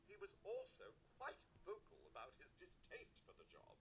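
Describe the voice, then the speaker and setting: An actor playing a prim male robot servant in a video game, speaking with formal, crisp diction and sounding put-upon. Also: sits high, sing-song, normal speed, slight background noise, poor audio. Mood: prim complaining.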